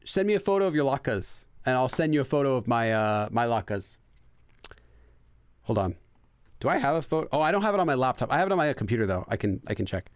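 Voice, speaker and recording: Male let's-play host, loose rambling chat full of fillers and self-corrections, mid-pitched, dry close sound. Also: sing-song, quick pace, smooth, dry recording. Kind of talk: casual gameplay chat, translating game text.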